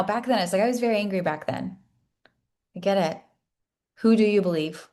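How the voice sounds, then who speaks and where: A woman's voice: mid-range voice, brisk, darkish tone. A woman coach in her thirties opens up to her class with an earnest, personal story. She speaks with raw emotion and often stops to restart a thought, in an ordinary mid-range voice. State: tearful at times. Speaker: coach leading a masterclass.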